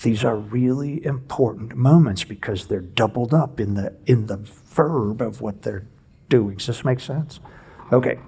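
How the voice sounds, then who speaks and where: A man delivers an expository sermon in a church, with a mid-range voice and a faint huskiness. He teaches in a relaxed, conversational way and keeps tossing rhetorical questions at his listeners. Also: medium pitch, a little slow, vocal fry, breathy edge. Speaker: pastor.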